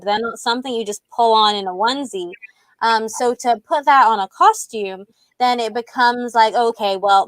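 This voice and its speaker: Woman with a fashion background on a video call, kinda high voice, calm and clear explaining. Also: no room sound. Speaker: panelist, fashion designer. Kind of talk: panel discussion over video call.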